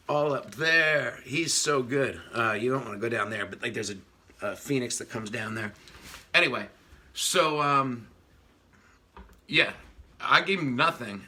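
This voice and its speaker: A man hosts a casual livestream, chatting loosely, greeting viewers and muttering to himself as he works the controls. His voice is strikingly bright and forceful, pitched in a middle range. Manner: chatty, rambling, talks to himself while fiddling with the stream. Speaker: livestream host. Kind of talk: casual livestream chat reading viewer comments.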